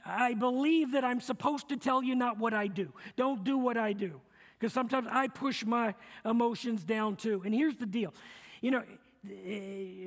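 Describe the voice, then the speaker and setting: A middle-aged male pastor preaching a sermon, earnest and repetitive, leading the congregation to repeat lines back to him. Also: extremely high pitch. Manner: earnest, repeats phrases, leads the congregation in call-and-response. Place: church sanctuary. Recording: long reverb of a church hall.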